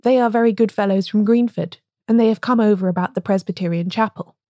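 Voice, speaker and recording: A woman reading as a small, plain priest who speaks in a quiet, dull, colourless voice. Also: mid-range voice, fast, dry recording, clean studio sound, lightly acted.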